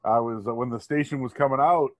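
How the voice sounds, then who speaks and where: A man's voice: mid-range voice, fast, dry recording. A man in his thirties with a Boston accent, a sports radio host guesting on a podcast and telling his story in a laid-back, slangy way. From Boston area. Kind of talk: casual podcast chat.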